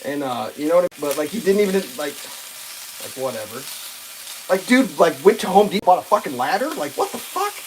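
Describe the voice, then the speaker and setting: A woman's voice: low voice, very animated, a little fast, slight background noise, rough recording. A woman hosting a livestream, ranting casually with profanity, many restarts and exasperated asides. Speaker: livestream host.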